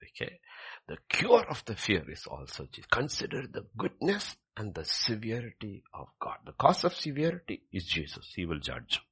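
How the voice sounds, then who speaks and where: A man preaching a sermon, often saying "okay", repeating key phrases and moving between loud emphatic bursts and hushed, whispered scripture readings. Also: lowish voice, wildly swooping pitch, moderate pace, husky.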